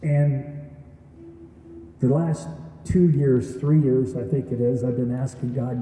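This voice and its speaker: Male speaker, earnest storyteller, dark mellow tone, heard from a distance in a hall. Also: medium pitch, a little slow. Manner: earnest storytelling, addresses audience with questions. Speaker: graduation speaker. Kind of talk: testimonial speech. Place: event hall. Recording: echoey hall from far off.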